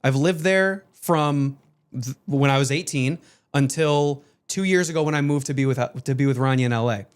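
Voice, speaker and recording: A man with a Boston accent, a former teacher, telling stories as a podcast guest in a rambling, animated way full of fillers and restarts. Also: mid-range voice, normal speed, smooth. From Boston area, USA. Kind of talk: casual podcast chat.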